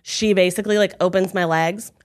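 A young adult woman in casual podcast chat, recounting events with lively acted-out quotes. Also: mid-range voice, a little fast. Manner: animated storyteller, acts out quotes loudly. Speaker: podcast co-host telling her birth story.

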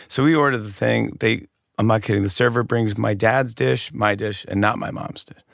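Male guest comedian, gravelly mid voice, animated storyteller, dry close sound. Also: fairly low pitch, moderate pace, no room sound. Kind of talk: comic storytelling in casual chat.

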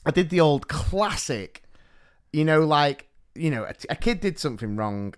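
A man telling a story in a casual podcast chat. His pitch swings high and low as he acts out other people's lines and keeps breaking into laughter. His voice sits a little high for a man. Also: moderate pace, smooth. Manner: animated storyteller, acts out quotes, laughs a lot. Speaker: podcast co-host, teacher.

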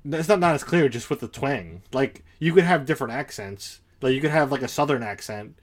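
Male podcast co-host, mid-pitched, hesitant, keeps circling back in loose casual chat. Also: animated, fairly quick. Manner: hesitant, circles back while arguing a point.

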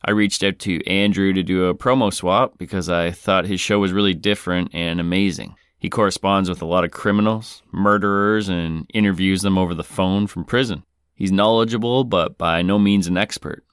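A man with a very low, smooth, resonant voice hosts a podcast and reads listener mail aloud. His delivery is wry and deadpan. The sound is dry and close, with no room around it. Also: moderate pace, dry recording. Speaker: podcast host.

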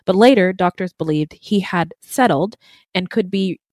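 A woman co-hosts a true crime podcast in a lowish, slightly mellow voice at a moderate pace, captured in a dry recording. Her casual chat is full of laughter and stammering restarts.

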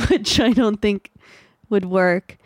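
A woman's voice: medium pitch, extremely slow, no echo. Giggly young woman comedian, dry sound. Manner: giggly, animated, laughs often. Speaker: comedian guest. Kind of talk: casual chat.

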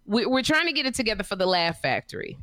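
A woman's voice: mid-range voice, sing-song, fast talker, a bit bright, no room sound, clean studio sound. A middle-aged woman co-hosting a podcast, gushing and exclaiming in casual chat. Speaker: podcast co-host.

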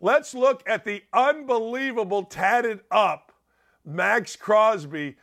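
Man, talk show host, fairly high pitch, sarcastic, heated, ranting commentary. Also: takes it slowly, a bit bright. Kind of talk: opinionated commentary rant.

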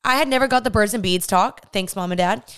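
A young woman hosting a podcast, telling her personal faith testimony in an animated way and acting out the voices she remembers. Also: medium pitch, fast talker, clear, resonant tone. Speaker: podcast host.

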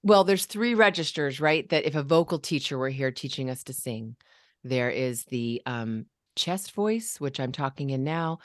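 A woman with a low, grounded voice chats about parenting and shows listeners how to speak calmly to children. The sound is dry and close, with no room around it. Her delivery is relaxed and conversational. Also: normal speed, no echo. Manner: demonstrates vocal registers and calm commands. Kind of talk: casual podcast conversation.

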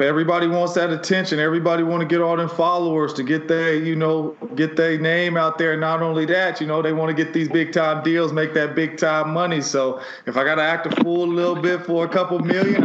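A man's voice: on the high side, flat delivery, a little fast, hardly any pauses, echoey room, muffled recording, noisy background. A man co-hosting a podcast, talking in a laid-back, joking way. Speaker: co-host, former pro football player. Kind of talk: casual podcast talk.

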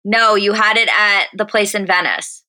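A woman's voice: medium pitch, steady tone, normal speed, bright, forceful tone. A woman co-hosting a casual recap podcast, blunt and emphatic, swearing freely. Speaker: podcast co-host.

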